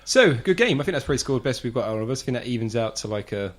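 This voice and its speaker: Fast-talking man hosting a podcast. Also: mid-range voice, sing-song. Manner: jokey, teasing, wraps up with sign-off plugs. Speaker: podcast host. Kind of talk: casual group chat about video games.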